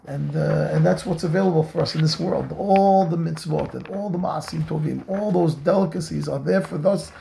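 A man's voice: on the high side, a little fast, vocal fry, few pauses, dark tone. A man, a rabbi, giving a Torah lesson in an earnest way, repeating key phrases for emphasis and mixing Hebrew terms into his English.

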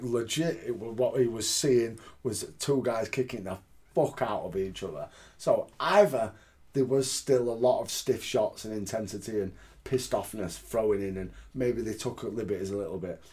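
A man's voice: on the low side, moderate pace, husky. A man chatting on a podcast, telling stories with lots of energy, swearing and laughing. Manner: animated storyteller, swearing, laughing often. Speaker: podcast co-host. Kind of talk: casual chat.

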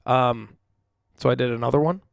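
The host, a young man podcasting solo from his room, speaks at normal speed in a steady, gravelly, medium-pitched voice. He rambles casually and self-deprecatingly into a studio mic, and the recording is clean with no room sound.

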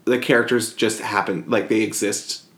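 A man's voice: fairly low pitch, fairly even intonation, fairly bright tone. A rambling man chatting about books. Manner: rambling, heavy use of "like", quick to laugh. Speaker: podcast co-host. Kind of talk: casual book-club chat.

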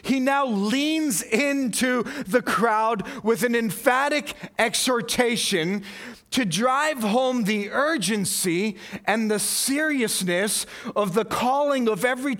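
A man's voice: high voice, fairly bright tone. A male pastor preaching a sermon, earnest and emphatic, building his points through repeated questions.

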